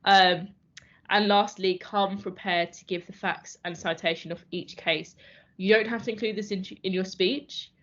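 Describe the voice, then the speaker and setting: A young woman from a university mooting society giving calm, reassuring instructional advice with some fillers. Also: mid-range voice, normal speed. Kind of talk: instructional training talk. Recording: dull lo-fi recording.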